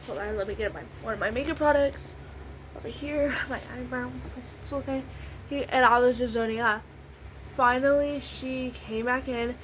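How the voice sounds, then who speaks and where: On a rough recording with a bit of background noise, the vlogger's fairly bright voice is on the high side. She keeps doing her makeup as she tells a lengthy, meandering story, returning again and again to "literally" and "I was like."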